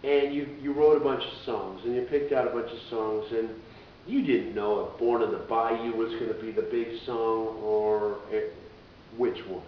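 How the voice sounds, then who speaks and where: A man's voice: steady tone, moderate pace. A man, a radio DJ and musician, telling stories in a rambling, casual way as an interview guest. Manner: rambling, acts out voices in quotes. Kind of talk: casual conversational storytelling. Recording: echoey, dull, distant with low rumble.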